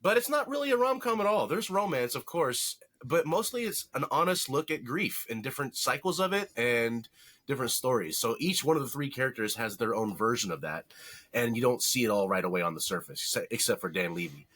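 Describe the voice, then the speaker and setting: A man's voice: medium pitch, animated, fairly quick, a bit bright. A man co-hosting a podcast, chatting casually about shows he watched, rambling and correcting himself with jokes. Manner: rambling, self-correcting, jokey. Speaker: podcast co-host. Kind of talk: casual movie review chat.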